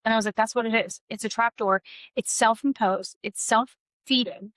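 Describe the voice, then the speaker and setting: This woman, a podcast co-host, has a fairly high, steady, slightly bright voice at a normal pace, recorded without echo. In candid, casual chat she talks bluntly about recovery and shame, swearing freely and stressing her words.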